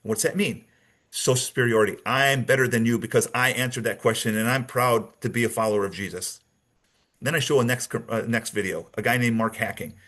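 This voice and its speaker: A man's voice: medium pitch, brisk, a bit bright. A man giving a training lecture with slides as a behavioral analysis trainer, conversational and demonstrative, often checking in with his audience.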